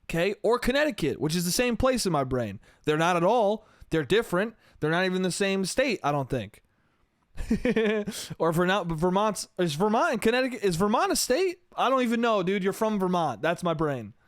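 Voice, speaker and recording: A man's voice: high-pitched, big pitch swings, normal speed, dry recording, studio quality. Profane rambling man on a solo podcast. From New York State. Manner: rambling, profane, laughs at himself. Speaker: podcast host.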